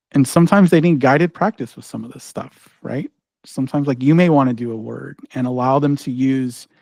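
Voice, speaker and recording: A man's voice: mid-range voice, creaky, darkish tone, no echo. A man presenting a live online workshop, talking casually with lots of "like" and "right?" and frequent restarts as he walks through a demo. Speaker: ed-tech trainer presenting a workshop.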